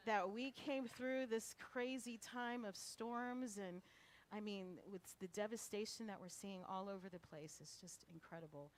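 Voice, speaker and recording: A middle-aged woman minister speaking casually and animatedly to her congregation, laughing often and swinging between high and low tones. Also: expressive, a little slow. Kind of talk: casual sermon talk to a congregation.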